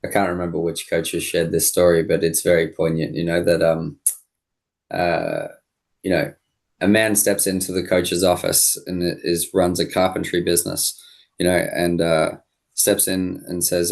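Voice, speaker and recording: A man, a high-performance coach, guest on a podcast interview, explaining ideas reflectively with many fillers. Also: moderate pace, gravelly.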